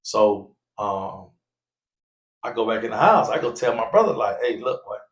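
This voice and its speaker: A man telling a story on a casual podcast, acting out the people he quotes in loud, raised voices. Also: on the low side, measured pace. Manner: animated, acts out quoted voices loudly. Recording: echoey room.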